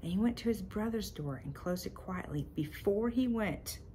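A woman hosting her own podcast, telling a personal faith story in an animated, emotional way and talking straight to her listeners. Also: medium pitch, moderate pace, slight background noise. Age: adult parent. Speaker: podcast host.

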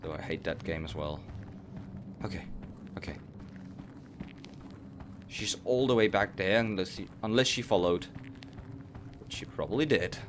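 A man's voice: low voice, measured pace, long pauses, noisy background. A frightened man, commentating as he plays a horror game, jittery and repeating himself when scared. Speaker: gamer playing a horror game. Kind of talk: nervous horror let's play commentary.

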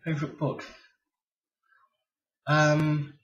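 A man's voice: a little high, completely flat delivery, drawn-out words, a bit bright. A man of twenty-eight from England, chatting casually at home into a webcam, rambling and self-deprecating with lots of ums. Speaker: vlogger. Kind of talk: casual tag vlog chat. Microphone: webcam mic. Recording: dull lo-fi webcam sound, a bit far from the mic.

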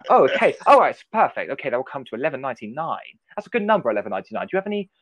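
A man doing an impression of the Eleventh Doctor, a brisk and quirky young man who talks in chirpy, bossy bursts. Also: mid-range voice, sing-song, dry recording, highs cut off, voice pushed up. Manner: chirpy, bossy, rapid-fire.

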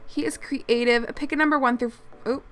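A woman hosting a gaming channel, chatting casually through gameplay in an excitable way with frequent exclamations. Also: high voice, normal speed, faint music behind.

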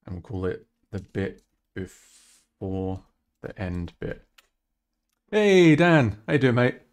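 Chatty low-voiced man streaming live. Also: sing-song, slow pace. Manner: chatty, self-deprecating, thinking aloud. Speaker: musician streaming his song production. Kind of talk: casual live-stream chat.

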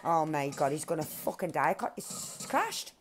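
A woman chatting while she plays a game with friends, excitable, swearing a lot and yelling at the screen. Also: deep voice, moderate pace, music in the background. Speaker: gamer playing with friends.

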